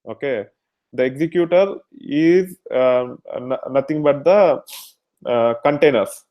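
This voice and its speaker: A man giving a technical lecture at a middle pitch. He explains patiently, step by step, and fills his pauses with frequent "uh"s and restarts. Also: muffled recording. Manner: explanatory, many fillers and restarts. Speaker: instructor.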